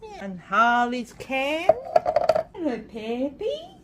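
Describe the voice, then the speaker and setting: A woman's voice: high voice, big pitch swings, slow, very noisy. A half-asleep woman, chatting to her cats in cooing baby talk as she feeds them at home. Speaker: cat owner filming her cats. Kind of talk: casual talk to pets.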